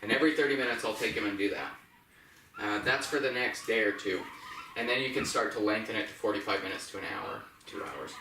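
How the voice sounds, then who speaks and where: A man dog trainer explains his method in a calm, instructive way, breaking off for quick commands to the dog. He sounds a little distant from the microphone, and the room around him is echoey. Steady background noise runs under his voice. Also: lowish voice, gravelly.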